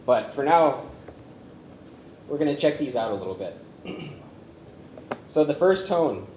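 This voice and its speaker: A man presenting a workshop on chanting psalms, speaking haltingly with many fillers and humming melodies to show them. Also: medium pitch, animated, a little mellow, a little hiss or hum. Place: conference room with a live audience. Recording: roomy echo from a lecture space.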